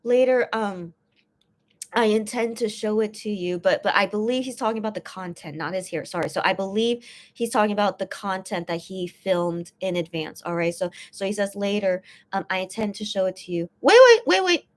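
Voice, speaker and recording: A woman's voice: medium pitch, normal speed. A woman hosting a casual stream, translating and explaining posts, talking in a rambling way full of fillers and restarts. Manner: gets teary and emotional while reading. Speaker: fan channel host translating posts. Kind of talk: casual live-stream chat.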